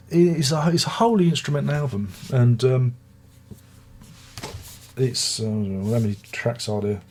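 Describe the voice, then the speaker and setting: He is an older man from Britain who reviews music, and his mid-range voice has a darkish tone with a breathy edge. His take on the album is relaxed and meandering, marked by restarted sentences and conversational tangents.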